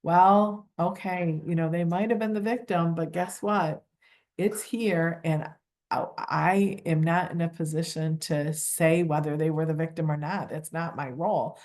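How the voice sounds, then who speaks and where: A woman in middle age with a somewhat low voice explains volunteer screening in an online training session. She talks loosely and humbly, full of everyday fillers. She often acts out her own calls with applicants. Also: steady tone, a little slow, darkish tone. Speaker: volunteer coordinator. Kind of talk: training webinar talk.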